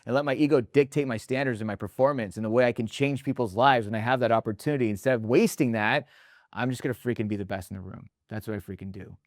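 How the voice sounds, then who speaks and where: A man's voice: medium pitch, quick pace, no echo, clean studio sound. A man hosting a podcast in casual interview talk, emphatic and intense, often checking in with "right?" and swearing mildly for emphasis. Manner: blunt, drops mild swearing for emphasis. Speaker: podcast host and restaurant consultant.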